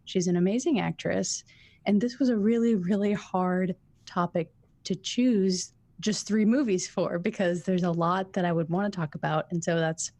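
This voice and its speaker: A woman's voice: lowish voice, steady tone, normal speed, a little mellow, no echo. A woman co-hosting a podcast, chatting casually and enthusiastically as she thinks aloud. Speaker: podcast co-host. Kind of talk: casual chat.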